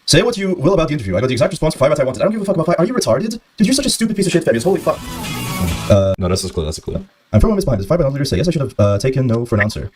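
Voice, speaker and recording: A man's voice: a little high, sing-song, racing, a little mellow, faint music behind. A man ranting heatedly on a stream, swearing and throwing insults. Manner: heated, profane, insulting rants.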